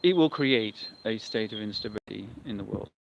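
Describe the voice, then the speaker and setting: On a livestreamed outdoor walk, a vlogger chats wryly and wanders from topic to topic. His voice is lowish, brisk, and creaky, and the recording sounds dull and lo-fi with faint background noise.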